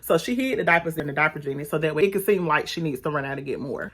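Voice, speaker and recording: A woman reviewing a TV episode in a casual, animated, sassy way, talking straight to her viewers. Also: low voice, racing. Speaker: YouTube reviewer.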